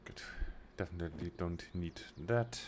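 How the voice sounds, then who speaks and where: A young man with a very low, deep voice talks his way through a train game on stream. He mutters his plans half to himself, restarting phrases as he goes. A faint hum of background ambience sits under the voice. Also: normal speed. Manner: muttering to himself while planning, with short restarts. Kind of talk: casual let's-play commentary.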